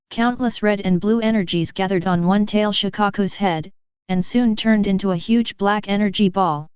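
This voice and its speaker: A woman narrating a fan fiction audiobook in a steady, even reading. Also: medium pitch, clean tone, no room sound. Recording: dull lo-fi audio.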